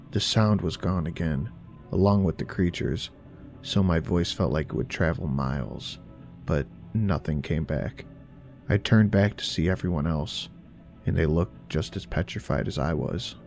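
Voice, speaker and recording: A man narrating a horror story in a measured, steady storytelling manner. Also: low-pitched, faint music behind.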